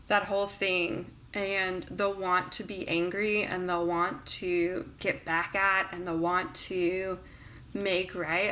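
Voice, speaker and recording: Bright-voiced woman, earnest vlog talk. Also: mid-range voice, slight background noise. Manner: earnest, reflective, many fillers. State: emotional near the end. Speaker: vlogger.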